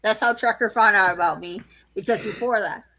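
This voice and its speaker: A woman from Vietnam co-hosting a late-night stream, chatting and teasing in a relaxed way. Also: medium pitch, fairly quick. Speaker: co-host.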